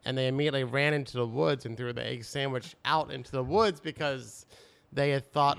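A man co-hosting a podcast, making soft-spoken, wry asides in casual chat. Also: medium pitch, fairly even intonation, brisk, creaky, clear, resonant tone. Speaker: podcast co-host.

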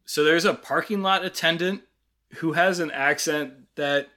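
A man's voice: a little high, a little slow, sharp tone. A man co-hosting a podcast, casually retelling scenes and laughing often. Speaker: podcast co-host. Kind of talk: casual review chat.

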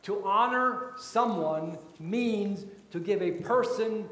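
A man preaching a sermon as pastor, slow and deliberate, his voice rising for emphasis and then dropping soft. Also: high voice, reverberant.

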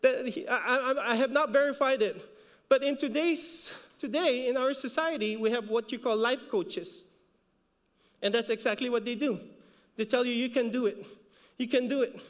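A man's voice: extremely high pitch, moderate pace, fairly bright tone, big-room sound. A man with a Filipino accent preaching a sermon as a pastor, repeating words for emphasis and rising when he exhorts. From Philippines.

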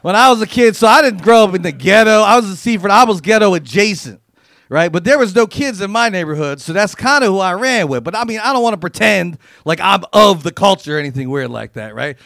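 High, gravelly-voiced man doing crude stand-up. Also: lively intonation, quick pace, a bit bright, no echo, studio quality. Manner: crude, profane, riffing with acted-out quotes. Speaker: comedian. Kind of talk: stand-up comedy routine.

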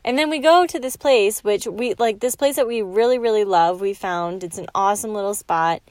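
A woman's voice: mid-range voice, no echo, clean studio sound. A young woman hosting a podcast, telling a personal story in a chatty way, full of "like" fillers. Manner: soft, slow and soothing in the meditation, quietly whispering at times; chatty and animated, with many "like" fillers. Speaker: podcast host. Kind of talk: guided relaxation, then casual storytelling.

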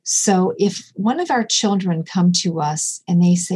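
A woman's voice: on the low side, a little slow, a little mellow, slight background noise. A middle-aged woman, a podcast guest, talking earnestly and telling stories with quoted dialogue. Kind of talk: casual conversation.

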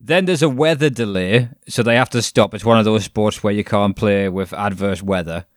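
A man's voice: lowish voice, moderate pace, dry recording, clean studio sound. A man co-hosting a podcast, chatting casually, joking, swearing and acting out quotes. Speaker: podcast co-host. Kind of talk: casual chat.

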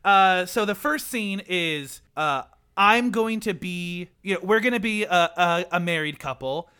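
High, bright-voiced man cohost. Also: measured pace, smooth. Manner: loose, rambling with fillers. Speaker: podcast co-host. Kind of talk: casual chat.

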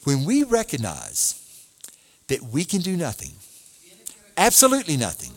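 Male pastor, sermon delivery, animated and expressive, on the higher side. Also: normal speed. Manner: animated preaching, reads scripture aloud, asks the congregation questions.

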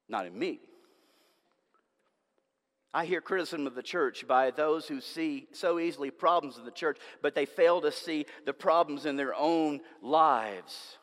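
Pastor preaching in a reverberant hall. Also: male voice, on the high side. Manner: conversational preaching, dynamic swings between loud and hushed. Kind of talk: sermon. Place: church sanctuary.

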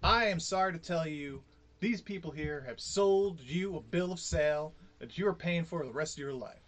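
A man's voice: a little high, moderate pace, a bit bright. Preachy insistent male role-player. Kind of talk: in-character role-play.

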